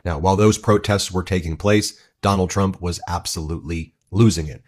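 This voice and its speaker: Man, news commentary, indignant, very low voice. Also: moderate pace, heavy background noise. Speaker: political commentator.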